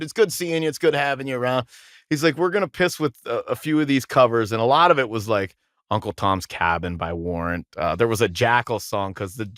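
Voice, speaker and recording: A man with a low voice tells a winding story in a casual podcast chat. He restarts his sentences often and slips into the voices of people he quotes. The sound is dry and close. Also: no room sound. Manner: rambling, animated storyteller acting out quotes, frequent restarts. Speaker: podcast guest, musician.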